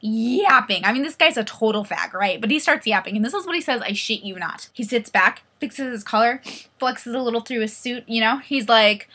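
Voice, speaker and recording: A young woman in her twenties tells a wild story straight to camera, swearing and acting out every person she meets. Her voice is bright and forceful and sits a little high. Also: moderate pace. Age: 20s. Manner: animated, profane, acts out quoted voices. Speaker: vlogger. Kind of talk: comedic storytelling vlog.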